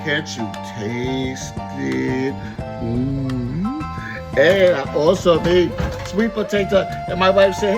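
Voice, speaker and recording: Background music plays as a man hosts a lighthearted cooking show in his home kitchen, teaching in a goofy, sing-song manner. His fairly high voice moves at a slow pace and carries vocal fry.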